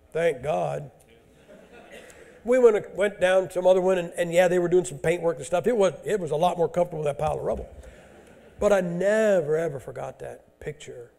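A male preacher delivering a folksy sermon, dropping to hushed asides and rising to loud, emphatic scripture reading. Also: sits high, vocal fry.

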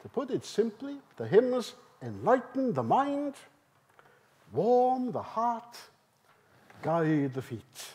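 Male seminar speaker, high and lively delivery, slow, emphatic, keeps prompting the audience. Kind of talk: conference seminar talk. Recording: live talk in a hall.

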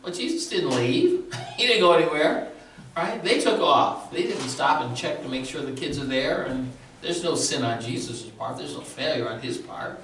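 A man's voice: fairly high pitch, lively intonation, moderate pace, fairly bright tone, slight background noise. Man preaching in a very echoey room. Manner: conversational preaching, often checks in with "right?". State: sore throat. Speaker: pastor. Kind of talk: sermon. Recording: very echoey room, distant mic.

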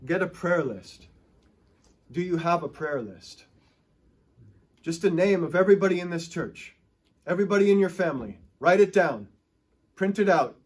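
Impassioned husky male preacher. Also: high-pitched, normal speed, pauses often. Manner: impassioned, exhorting, acts out stuttering excitement. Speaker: pastor. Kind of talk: sermon. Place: church.

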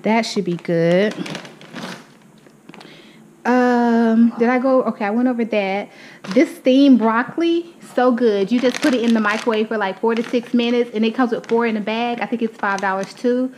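At normal speed, a young vlogger with a somewhat high, slightly mellow voice shows off her grocery haul at home. Chatty and a bit breathless, she addresses viewers as y'all; the low-quality recording has slight background noise.

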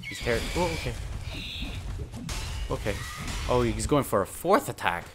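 A young man commentating his own gameplay, excitable and frustrated, swearing and talking back to enemies on screen. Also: mid-range voice, unhurried, over music. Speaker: gaming channel host.

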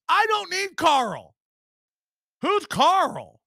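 A man's voice: extremely high pitch, sing-song, takes it slowly, sharp tone, no room sound, clean studio sound. A man hosting a podcast, ranting in mocking disbelief and laughing often as he reacts to clips. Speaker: podcast host.

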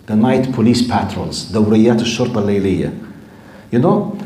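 A man's voice: medium pitch, warm tone, reverberant, rough recording. A male lecturer teaching Islamic history to a live class, often asking the audience questions and using Arabic terms. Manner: keeps quizzing the audience, drops in Arabic terms. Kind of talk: recorded lesson to a live class.

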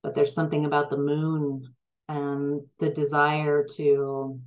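Low-voiced lady doing a tarot reading, slow, lots of ums and restarts. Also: little pitch movement, rough recording. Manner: slow, hesitant, with many fillers and restarts; gets emphatic when frustrated. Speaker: tarot reader.

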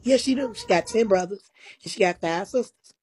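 A woman guest telling a long story in a casual, animated, profane way, full of quoted back-and-forth dialogue and sounding tired. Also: medium pitch, a little fast, slight background noise, low-quality recording.

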